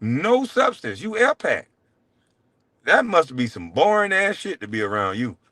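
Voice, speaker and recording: Guy ranting on his show, cussing, taunting, slightly high bright voice. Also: big pitch swings, unhurried, no echo, clean studio sound. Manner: profane, taunting, swings from loud jabs to low mutters. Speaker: show host. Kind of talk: heated solo rant.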